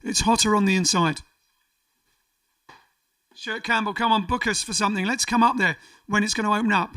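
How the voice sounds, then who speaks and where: A man's voice: high voice, fairly even intonation, normal speed, sharp tone, far from the mic. A man hosting a casual livestream, reading out viewer comments in a jokey, rambling way. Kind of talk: casual chat. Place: home during lockdown.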